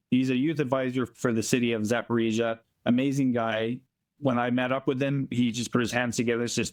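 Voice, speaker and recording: Plainspoken Canadian man telling stories. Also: mid-range voice. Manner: plainspoken, emphatic, slows down for emphasis. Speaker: volunteer interviewee. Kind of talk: earnest storytelling interview. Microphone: remote call from abroad.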